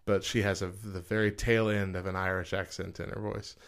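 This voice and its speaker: A man's voice: sits low, level tone, brisk, vocal fry, a bit bright. A man co-hosting a casual podcast chat, reading list items and quotes aloud and laughing often. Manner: chatty, laughs often, reads quotes with lifted energy. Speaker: podcast co-host.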